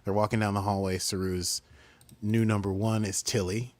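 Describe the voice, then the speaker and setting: A man's voice: fairly low pitch, flat delivery, normal speed, no echo. A man co-hosting a podcast, chatting casually as he recaps a story and mimics the characters. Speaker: podcast co-host.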